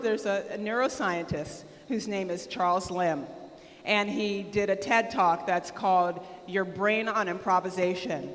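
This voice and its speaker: An American woman delivers a conference keynote to a live audience in a large hall, loud and excitable to the point of near-shouting, energetically engaging the crowd and asking them to shout out answers. Her voice is medium-pitched and her pace measured, with the hall's long reverb audible.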